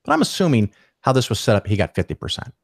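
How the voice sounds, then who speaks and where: A man telling a story as a podcast guest, animated and profane, acting out the people he quotes. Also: lowish voice, fast talker, vocal fry, breathy edge, no room sound, clean studio sound. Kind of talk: casual storytelling interview.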